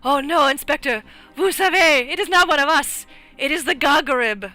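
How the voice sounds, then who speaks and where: A woman putting on a shrill, frightened French girl. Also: a little fast, pushed and bright, soft background music. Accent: French, put on. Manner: high, breathless and shrill.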